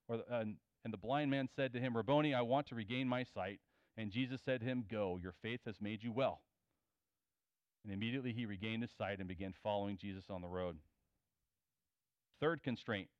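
A man's voice: medium pitch, no room sound. A man preaching a sermon in a conversational way, retelling scripture and asking his listeners questions. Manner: conversational, asks the audience questions. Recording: dull, dry recording.

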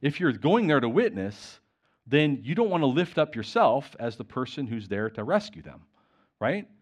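A man delivering a sermon at an everyday middle pitch. His voice rises and falls a great deal as he retells conversations and reads passages aloud. The delivery stays animated and conversational throughout. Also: normal speed. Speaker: preacher.

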